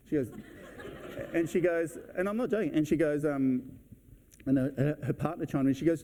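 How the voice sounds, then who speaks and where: Man, very dark mellow voice, blunt and brisk conference speaker who acts out client chats. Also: fairly high pitch. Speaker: real estate agent giving a talk. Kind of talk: conference talk. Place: event hall.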